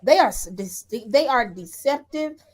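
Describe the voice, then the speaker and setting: High, animated woman speaking forcefully. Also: a little slow, over a noisy crowd. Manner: forceful, emphatic, colloquial. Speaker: panelist. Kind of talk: heated panel discussion.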